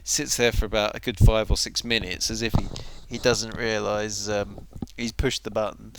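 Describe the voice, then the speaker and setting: A man's voice: lowish voice, little pitch movement, moderate pace, fairly bright tone, a little hiss or hum. A man chatting on a livestream in a sleepy, rambling way. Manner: drowsy, rambling. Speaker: streamer. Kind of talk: casual livestream chat.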